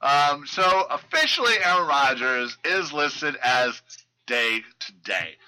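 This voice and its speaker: A man's voice: medium pitch, big pitch swings, takes it slowly, sharp tone, smooth, rough recording. A man hosting a casual sports podcast, rambling through player news with lots of fillers and restarts. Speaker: fantasy football podcast host.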